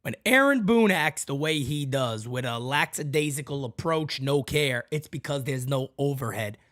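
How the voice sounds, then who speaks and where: A man's voice: fairly high pitch, a bit bright, no echo. Ranting man podcast host, dry sound. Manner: heated, blunt, profane ranting; talks straight to listeners as "guys" and "folks". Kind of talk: fan rant podcast.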